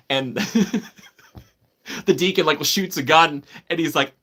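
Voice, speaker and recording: A man's voice: medium pitch, unhurried, bright, forceful tone. A man hosting a live stream, chatting casually and enthusiastically, answering viewers by name and laughing often.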